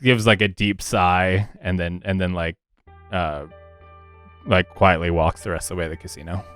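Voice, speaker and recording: A man who hosts the show, narrating his character's actions in a halting manner with many fillers. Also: low voice, steady tone, music in the background. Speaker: player and podcast host.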